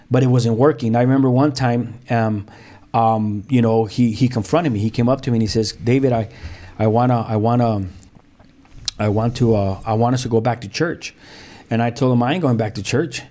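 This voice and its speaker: La dude, pastor now, telling his story casual with slang, mellow dark voice. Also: mid-range voice. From South Central Los Angeles. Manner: street slang, repeated restarts, acts out quoted voices. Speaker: pastor and podcast guest. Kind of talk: personal testimony in a podcast interview.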